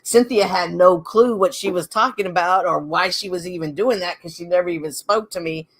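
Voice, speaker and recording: A woman's voice: fairly low pitch, brisk. Emphatic middle-aged woman hosting. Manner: emphatic, repeats points, mimics others in quoted asides. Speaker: podcast host. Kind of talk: heated casual chat.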